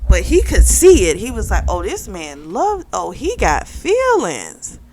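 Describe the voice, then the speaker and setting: A woman's voice: mid-range voice, wildly swooping pitch, a little slow, darkish tone. A woman casually recapping a novel's plot, talking through the characters' lines with lots of fillers. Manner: chatty, retells with quoted dialogue and many fillers. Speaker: book club vlogger.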